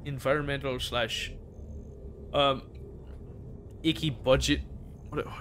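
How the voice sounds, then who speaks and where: A man's voice: mid-range voice, fairly even intonation, takes it slowly, fairly bright tone, slight background noise. A young man chatting casually while gaming, tipsy and rambling, swearing freely. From United States. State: drunk. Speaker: gaming streamer.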